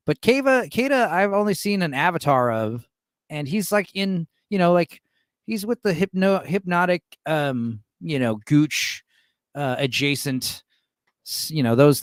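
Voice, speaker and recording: Lively man in his thirties, dry sound. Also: a little high, no room sound. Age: 30s. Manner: animated, profane, laughs often. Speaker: streamer host. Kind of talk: live reaction stream commentary.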